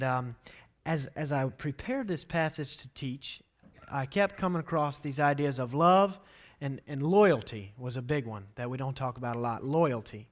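A man in his thirties, a pastor giving a sermon with animated storytelling. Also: mid-range voice. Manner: animated storytelling, acts out quotes loudly.

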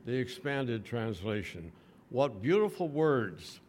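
An older American man preaches a sermon in church, addressing his congregation directly in a folksy, conversational style. His voice is medium in pitch and a little slow.

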